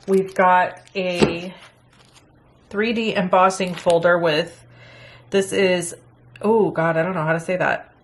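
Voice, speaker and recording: A middle-aged woman hosts a crafting unboxing from her home craft room, chatty and easily delighted. Her voice sits a little low and her pace is slow and easygoing. A faint hiss runs under the recording. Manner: chatty and excitable, gasps at pretty items. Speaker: crafting channel host. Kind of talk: casual unboxing chat.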